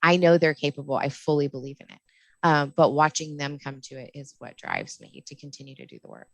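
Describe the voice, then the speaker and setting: A middle-aged woman with a low voice talks about her doula work in a casual podcast interview. She sounds passionate and fired up, laughs often, and the recording is dry and close. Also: very animated, a little fast, dry recording. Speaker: postpartum doula and lactation counselor.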